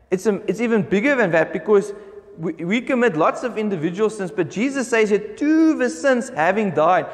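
High-voiced man preaching in a reverberant hall. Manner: emphatic preaching, slows down when reading scripture. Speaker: pastor. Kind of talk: sermon. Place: church hall.

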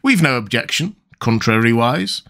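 A man's voice: mid-range voice, very animated, normal speed, gravelly, fairly bright tone. A man voicing a sulky, contrary little man who speaks in a sulky, grumbling way.

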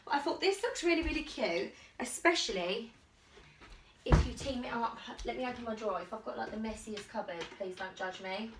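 In a casual try-on haul, the fashion vlogger talks a little fast in a fairly high voice, rambling excitedly as she tests out clothes at home. Background noise is present, and the distant mic picks up a lot of room echo.

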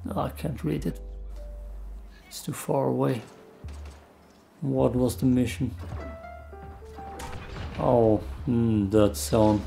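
Brief: unhurried gamer guy, dark gravelly tone, muttering play-by-play, faint background music. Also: mid-range voice, fairly even intonation. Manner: mumbling, self-deprecating play-by-play. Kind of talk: casual gameplay commentary.

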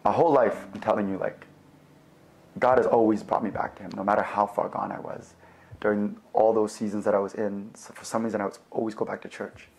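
A young man with a fairly low voice tells his personal faith story in a relaxed way. He talks loosely with plenty of fillers and animates the story by acting out both sides of remembered conversations. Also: a little fast. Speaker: guest sharing his faith testimony.

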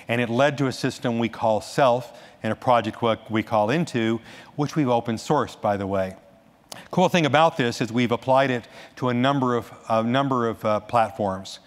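A man speaks from a conference stage, his delivery animated and full of restarts and quick asides. His voice sits in a middle pitch. The sound carries the long reverb of a large hall. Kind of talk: conference talk.

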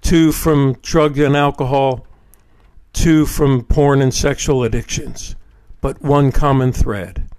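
A man hosting a podcast on addiction recovery, reading poems in a measured, solemn way and reflecting on them. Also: medium pitch, steady tone, darkish tone. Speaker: podcast host and addiction counselor.

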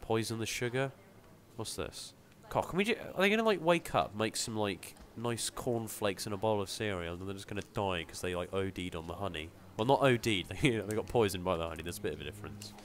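A man's voice: sits low, brisk, slight background noise. A young man commenting playfully on a game he plays, joking and exclaiming to himself. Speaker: gamer. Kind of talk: let's play commentary. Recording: game music behind the voice.

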